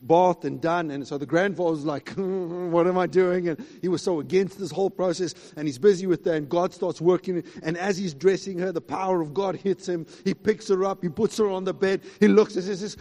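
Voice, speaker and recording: A man preaching a sermon emphatically, swinging between loud high exclamations and quiet asides. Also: normal speed, few pauses, long reverb tail. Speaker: pastor.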